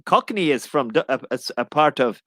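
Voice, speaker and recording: A man's voice: a little high, lively intonation, brisk, a bit bright, no room sound. A man with an Irish accent, an English teacher in a casual live chat, rambling and jokey, often correcting himself.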